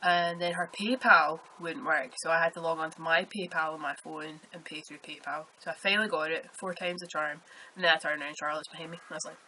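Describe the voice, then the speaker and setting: Chatty Scottish woman, bright low voice. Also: steady tone, fast, hardly any pauses, slight background noise, low-quality recording. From Scotland. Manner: chatty rambling storyteller. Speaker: podcast host. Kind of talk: casual chat.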